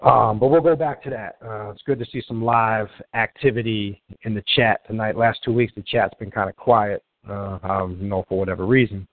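Low-voiced guy hosting a call-in show, rambly and casual, tinny phone sound. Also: fairly even intonation, moderate pace, hardly any pauses, no room sound. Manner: rambling and loose, restarts often while troubleshooting callers. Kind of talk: casual live call-in chat.

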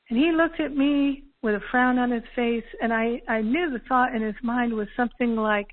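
A woman telling personal stories calmly and earnestly, acting out the dialogue as she goes. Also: fairly high pitch, normal speed, hardly any pauses. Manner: calm, earnest, acts out quoted dialogue. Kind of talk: reflective personal storytelling. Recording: narrow phone-like audio.

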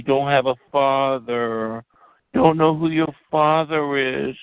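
A male caller trading slow, mocking, drawn-out taunts on a call-in show. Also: medium pitch, smooth, no echo. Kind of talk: call-in insults. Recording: dry tinny phone line.

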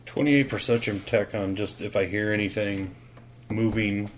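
A man playing a tabletop game, chatting in an excitable, joking manner. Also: lowish voice, normal speed. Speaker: player. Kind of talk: casual game-table chat. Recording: loud background noise.

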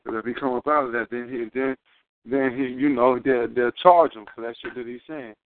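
A man calls in and talks loosely, swearing freely and stopping to search for words mid-sentence. His voice sits at an ordinary pitch and comes through a thin, tinny phone line. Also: steady tone, moderate pace. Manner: rambling, profane, searching for words. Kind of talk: casual radio talk.

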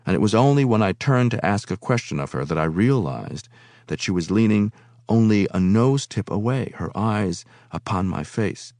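A man reading a novel aloud in a measured, unhurried way. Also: lowish voice, expressive, a little mellow, no room sound. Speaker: reader.

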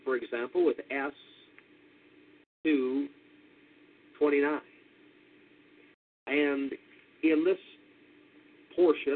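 An American man delivers a radio sermon in a measured, deliberate way, pausing to spell out unfamiliar words. His voice is husky and sits at an ordinary middle pitch. The sound is thin and narrow, like an old broadcast heard over a phone line. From United States. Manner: deliberate, spells out words, rises emphatically on key points. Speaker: radio preacher.

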